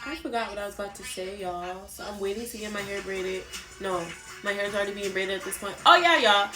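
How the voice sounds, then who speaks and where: A young woman telling a storytime on her vlog in a chatty, animated way, swearing and talking straight to her viewers. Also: medium pitch, brisk. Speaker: vlogger. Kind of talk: casual storytime chat. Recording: roomy echo, faint background music.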